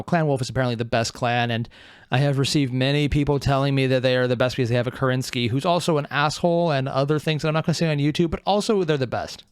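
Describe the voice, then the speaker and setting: A man hosting a reaction video, talking in a rambling, excitable way with joking asides. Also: a little high, clear, resonant tone, no room sound, studio quality. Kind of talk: casual reaction commentary.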